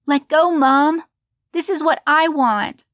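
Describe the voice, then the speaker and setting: A woman doing a defiant young daughter in a horror storybook reading, pitched up high above a normal voice. The lines come out sharp and growling, set against a dry, close sound. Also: slow pace, no room sound.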